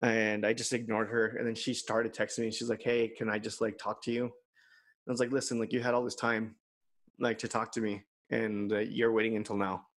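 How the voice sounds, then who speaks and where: A man's voice: on the low side, little pitch movement, moderate pace. Man telling a personal story. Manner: candid storytelling, quotes others in his own voice. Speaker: podcast co-host. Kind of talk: casual chat.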